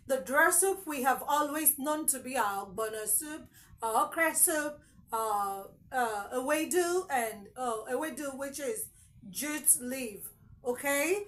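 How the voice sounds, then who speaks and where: A woman's voice: high-pitched, lively intonation, slow, a bit bright, low-quality recording. A woman teaching a lesson, emphatic and repeating words to drill their pronunciation. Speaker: English teacher. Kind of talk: spoken English lesson.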